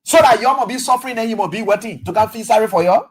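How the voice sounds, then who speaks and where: A radio talk show host with a Liberian English accent, giving an animated political commentary monologue, acting out dialogue and firing off rhetorical questions. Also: medium pitch, racing, breathy edge.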